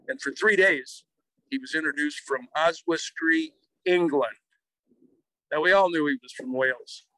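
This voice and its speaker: Bright-voiced older man telling stories. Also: fairly high pitch, no echo, rough recording. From American Midwest. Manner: lively anecdotal storyteller who acts out quotes. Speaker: guest author. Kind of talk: storytelling in an interview.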